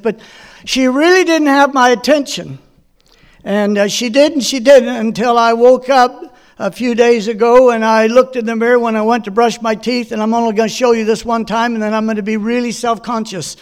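A middle-aged man delivers a sermon in a strikingly high voice. He leans on homely personal stories and keeps asking the congregation questions to draw them in. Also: fairly even intonation, normal speed, clear, resonant tone. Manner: folksy storytelling with personal anecdotes. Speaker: pastor.

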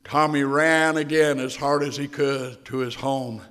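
A man's voice: mid-range voice, fairly even intonation, measured pace, a bit bright, smooth. A man preaching a sermon, telling a story with feeling and building to passionate appeals. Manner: emotional storytelling that builds to passionate preaching, briefly sings a hymn.

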